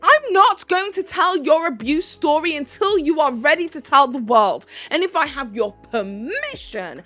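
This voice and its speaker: A woman's voice: high-pitched, lively intonation, a bit bright. A British woman giving a heated commentary rant, swearing and stressing her words, with music playing faintly behind. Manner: heated, swearing, emphatic with slow stressed phrases. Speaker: commentary YouTuber.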